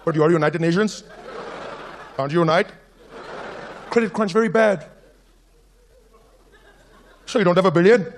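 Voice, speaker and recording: A man's voice: sits high, moderate pace, pauses often, a little hiss or hum, pitched below the performer's own voice. A man voicing a bumbling male Indian terrorist mastermind who speaks politely, haggles, and uses broken English with a put-on Indian accent. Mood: haggling.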